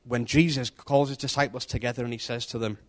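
A man preaches informally, telling a devotional story in a conversational, animated way and acting out the voices of its characters. His mid-range voice moves fast.

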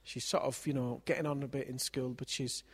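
A man's voice: medium pitch, level tone, fairly quick, breathy edge. A man preaching in a church service, telling a family story in a chatty way and often ending on tag questions. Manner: conversational, leans on tag questions.

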